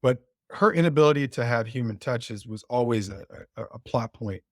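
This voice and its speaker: A man's voice: medium pitch, moderate pace, dry recording, clean studio sound. A man co-hosting a casual pop culture podcast, thoughtful, with frequent restarts. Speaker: podcast co-host.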